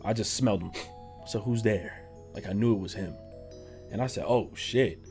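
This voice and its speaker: A man telling a story on his vlog in an animated, profane, slangy way. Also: on the low side, moderate pace, soft background music. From New York. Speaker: YouTuber.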